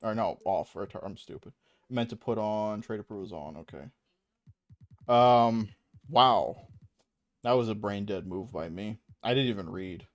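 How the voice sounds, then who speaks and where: A man's voice: on the low side, moderate pace, no room sound. A young adult man streaming a video game, rambling and self-mocking with a lot of swearing and frequent laughs. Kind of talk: casual gaming stream commentary.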